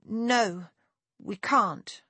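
Woman doing a proud little boy, earnest, pitched up from her low husky voice. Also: drawn-out words, pushed and bright, no room sound, full character voice. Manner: earnest, eager declarations. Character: proud young boy, determined. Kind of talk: audiobook character voice.

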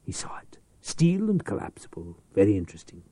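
A man's voice: lowish voice, huge pitch swings, fairly quick, mellow, husky, dry recording, exaggerated voice. A man playing a cold, controlled power broker. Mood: patient. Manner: cold and patient.

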